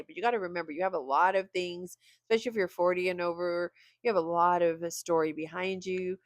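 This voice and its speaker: A woman's voice: on the low side, normal speed, dry recording, clean studio sound. Tired middle-aged woman, candid vlog chat. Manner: candid and rambling, with small laughs. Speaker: video creator. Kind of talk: casual vlog talk to camera.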